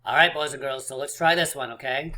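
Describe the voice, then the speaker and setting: Male teacher for a kids' math video, cheerful and encouraging, bright forward tone. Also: mid-range voice, steady tone, brisk. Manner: encouraging, playful, counts aloud. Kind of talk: math lesson for young children.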